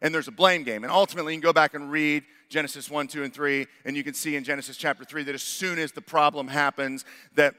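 A man's voice: fairly high pitch, bright, forceful tone, clear, resonant tone, in a large hall. A man preaching a sermon as pastor, earnest, building to emphatic rhetorical questions.

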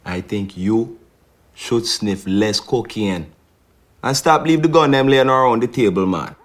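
An actor playing a drawling Jamaican sidekick. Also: male voice, medium pitch, measured pace, close to an everyday voice. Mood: mocking. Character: drug dealer's laid-back male sidekick.

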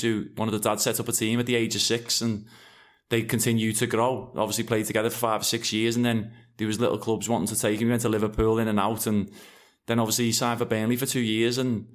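A middle-aged man speaks quickly and keeps his pitch fairly even as he talks things over. He rambles and restarts his sentences, blunt and unpolished, in relaxed conversation. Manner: rambling, frank, restarts often. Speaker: former pro footballer guest. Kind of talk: casual conversation.

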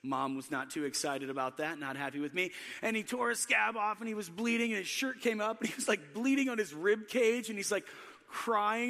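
A man in his thirties preaching a sermon, telling self-deprecating family stories in an animated way. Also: high voice, a little fast, gravelly, long reverb tail. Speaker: pastor.

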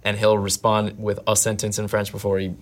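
Animated, thoughtful man being interviewed. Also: lowish voice, brisk. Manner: animated, thoughtful, trails off and restarts. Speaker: actor guest. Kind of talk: conversational interview.

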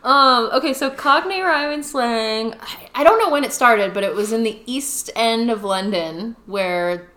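A woman co-hosting a casual podcast, self-deprecating and quick to laugh. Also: fairly high pitch, sharp tone. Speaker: regular co-host. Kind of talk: casual chat.

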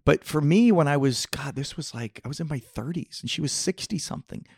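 A man in his fifties, a schoolteacher co-hosting a casual comedy podcast, telling stories with lively acted-out quotes. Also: a little high, fairly quick, husky, no echo, studio quality. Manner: animated storyteller, acts out quoted voices. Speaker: podcast co-host.

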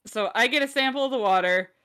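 Bright, wry woman at a tabletop game. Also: a little high, fast, clean tone, faint music behind. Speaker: player. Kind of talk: casual tabletop play.

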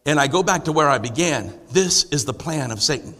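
In a church sanctuary with long hall reverb, a pastor preaches to his congregation in a brisk, animated, sharp-toned voice on the high side. He poses rhetorical questions and builds toward emphatic declarations.

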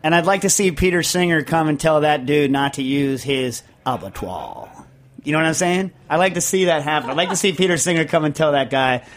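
Rambling jokey New York radio host. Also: male voice, fairly high pitch, fast, hardly any pauses. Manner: rambling, jokey, lots of fillers. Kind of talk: casual radio talk.

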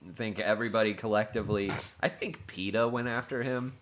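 A man co-hosting a podcast in casual chat, telling stories with lots of swearing and sudden bursts of excitement. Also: on the low side, a little fast, a little hiss or hum. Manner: excitable, profane storyteller. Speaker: podcast co-host.

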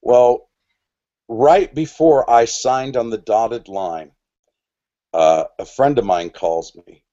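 A man's voice: mid-range voice, takes it slowly, dark tone. A man, a podcast guest, telling a long personal story in a casual, rambling way, with many restarts and asides. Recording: dull lo-fi recording.

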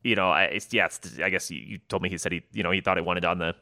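A man chatting casually about track results as co-host, halting and repeating words with lots of fillers. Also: low voice, fairly even intonation, bright, forceful tone, no room sound, studio quality. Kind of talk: casual sports chat.

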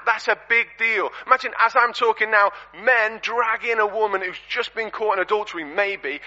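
A man preaching a storytelling sermon in a church, animated and conversational, full of rhetorical questions. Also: sits high. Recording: dull lo-fi recording.

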